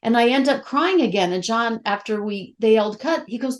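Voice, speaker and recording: Middle-aged woman, interview guest, candid and emotional, animated storyteller. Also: on the high side, a little fast. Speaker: actress guest. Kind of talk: casual interview chat.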